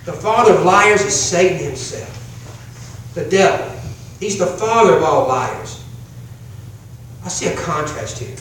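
High-voiced preacher in an echoey hall. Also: male voice, animated. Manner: preaching with slow emphatic phrasing and sudden drops to a hush. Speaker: pastor. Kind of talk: sermon. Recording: echoey hall, distant mic, faint room noise.

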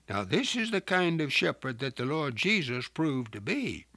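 A man preaching a radio Bible lesson in a slow, earnest, deliberate way. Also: a little high, fairly bright tone, no room sound. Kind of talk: sermon.

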